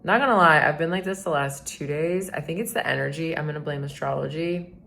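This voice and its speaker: A woman's voice: deep voice, a little fast, gravelly, a bit bright, soft background music. A woman chatting casually in a day-in-my-life vlog from her home kitchen, rambling and swearing often as she moves around. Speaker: vlogger, identity coach.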